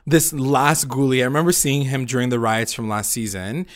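A man's voice: mid-range voice, steady tone, moderate pace. A man hosting a podcast, recapping a show episode in casual, filler-heavy chat and laughing often.

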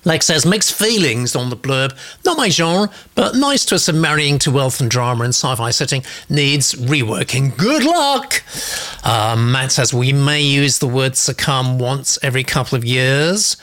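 A man's voice: mid-range voice, moderate pace, few pauses, fairly bright tone. A man hosting a live stream, chatty, reading out viewer comments with asides. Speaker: host.

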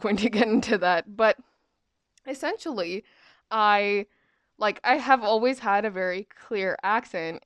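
A woman's voice: a little high, a bit bright, clear, resonant tone, no room sound. A woman in her twenties telling a casual story, chatty and rambling with lots of fillers. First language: English. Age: 20s.

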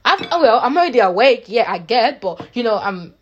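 A woman's voice: fairly high pitch, sing-song, a little fast, dull audio, slight background noise. A woman vlogger giving her viewers an earnest, faith-filled pep talk, emphatic and repetitive, often restarting her phrases.

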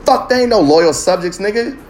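A man's voice: high-pitched, animated, brisk, slight background noise. Fired-up profane man ranting on a podcast. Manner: heated, profane, preachy rant; asks the listener pointed questions. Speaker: podcast host. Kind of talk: impassioned podcast monologue.

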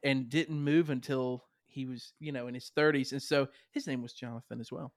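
A man's voice: medium pitch, normal speed, no room sound, studio quality. A young man with a Southern US accent, hosting a casual podcast chat and telling stories with frequent laughter. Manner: animated storyteller, laughs often. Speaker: podcast host.

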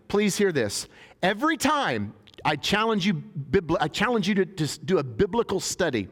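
A man's voice: high voice, very animated, brisk, a bit bright. A man preaching a sermon in a casual, joking way, reading scripture and paraphrasing it in everyday talk. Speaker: pastor. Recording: long hall reverb.

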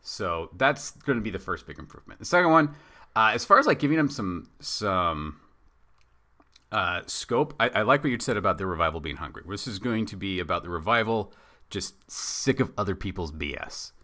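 A man co-hosting a casual wrestling chat, rambling and animated as he pitches ideas. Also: moderate pace. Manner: rambling, animated, acts out bits in silly voices. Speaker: podcast co-host.

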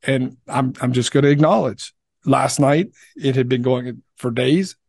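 A man's voice: medium pitch, unhurried, vocal fry, darkish tone, slightly rough, dry recording, studio quality. A man co-hosting a podcast, a father speaking candidly and searchingly in casual discussion.

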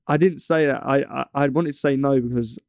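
A man's voice: medium pitch, steady tone, fairly quick, vocal fry, no room sound, clean studio sound. A young man from England in casual chat, telling a long story with many stumbles and restarts. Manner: rambling, stumbles and restarts often.

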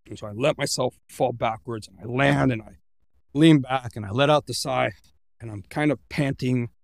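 A man of middle pitch with a gravelly edge tells his own story as a podcast guest. He speaks earnestly and vividly, acting out what he thought at the time. The sound is dry and close. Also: moderate pace, dry recording. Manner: earnest, vivid retelling with quoted inner thoughts. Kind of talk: personal storytelling in an interview.

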